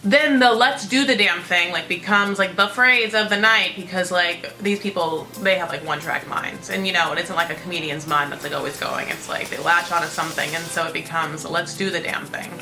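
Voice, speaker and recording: A woman's voice: fairly low pitch, steady tone, fairly quick, few pauses, music in the background, low-quality recording. A woman hosting a casual reality-TV recap, chatty and profane, packed with "like". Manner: chatty, profane, constant filler "like". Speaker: host.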